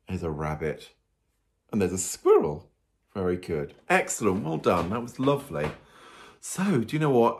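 A man, a priest reading a story to small children and getting them to count along. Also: lowish voice. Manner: animated, asks the children questions and counts along.

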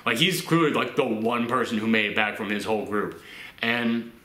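A man's voice: lowish voice, moderate pace, bright, forceful tone. A man from the Southern United States giving a casual film review, chatty, with laughing asides and acted-out quotes. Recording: roomy echo.

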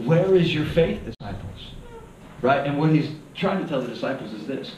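A male pastor preaching a sermon in a lively, animated way, acting out the voices of people in the story and asking the congregation to repeat lines after him. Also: medium pitch, fairly quick, muffled recording, noisy background. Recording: echoey hall, heard from a distance.

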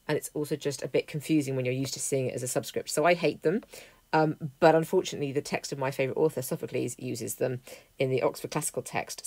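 Low-voiced woman teaching Greek. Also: a little mellow, dry recording. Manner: clear, methodical explaining, word by word. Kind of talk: lesson walkthrough.

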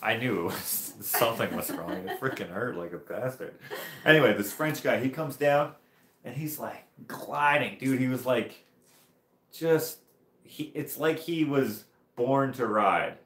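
A man at a middling pitch spins a loose, chatty story, circling back and chuckling as he goes. His voice carries a noticeable room echo. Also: measured pace, fairly bright tone. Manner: rambling, laughing, lots of "like" and restarts. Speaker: livestream host. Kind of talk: casual storytelling. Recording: roomy echo.

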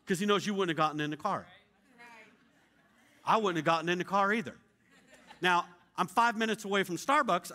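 A middle-aged male pastor telling a story in a sermon, acting out the dialogue with shouts and laughter. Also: high voice.

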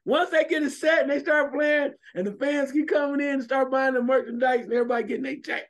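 High-pitched male radio co-host, loud, emphatic sports opinions. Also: fast. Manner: animated, emphatic, shouts at times.

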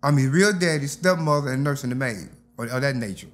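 With a medium-pitched voice and a fast way of talking, a Detroit man shares a story as an interview guest. He's animated and casual, voicing other people's lines as he goes.

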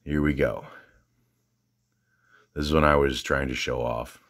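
A man's voice: extremely low pitch, fairly even intonation, measured pace, long pauses, fairly bright tone, a little hiss or hum. A man with a Southern US accent, casually vlogging about his gym training, rambling with lots of fillers and restarts and a little out of breath. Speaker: fitness vlogger.

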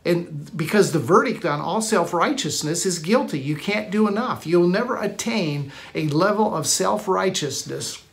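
Emphatic male preacher, slightly high voice. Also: animated, moderate pace, vocal fry, few pauses. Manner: emphatic preacher, repeats key phrases, frequent restarts. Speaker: pastor. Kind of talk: sermon. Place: church live stream.

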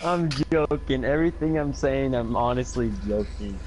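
A man's voice: medium pitch, moderate pace, very noisy. A young man in casual group voice chat while gaming, joking crudely and laughing often.

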